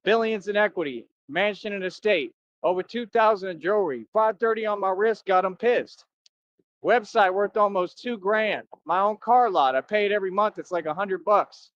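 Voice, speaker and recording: A man's voice: high voice, normal speed, a bit bright. A man rambling and bragging in a casual livestream rant, often tacking on "right?". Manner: boastful, rambling, keeps asking "right?". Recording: dull lo-fi dry sound.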